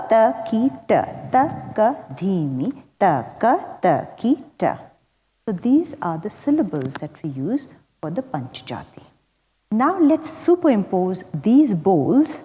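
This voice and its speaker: A woman teaching Kathak, explaining slowly and chanting rhythm syllables in a measured, instructive way. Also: medium pitch, dark tone. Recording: long hall reverb.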